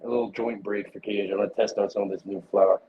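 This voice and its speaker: A man's voice: fairly low pitch, level tone, fast talker, lo-fi sound, background noise. A man co-hosting a casual livestream who talks bluntly and swears offhandedly.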